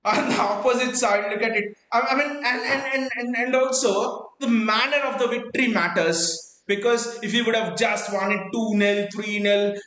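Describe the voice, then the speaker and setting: A man hosting a live football watchalong, talking in excited bursts and repeating words as he stumbles, out of breath. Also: high-pitched, normal speed, hardly any pauses, reverberant, poor audio. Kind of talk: excited live fan reaction.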